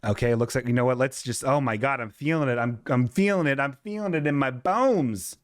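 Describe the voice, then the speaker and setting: A man's voice: mid-range voice, a little fast, no room sound, studio quality. A man hosting a live comedy stream, rambling loosely in casual chat, cursing freely and laughing at his own jokes.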